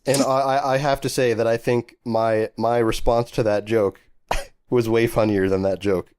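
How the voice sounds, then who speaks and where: A man's voice: medium pitch, fairly even intonation, moderate pace, a little mellow, smooth. A young man co-hosting a podcast in casual, joking chat. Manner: joking, laid-back, trails off and restarts. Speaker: podcast co-host.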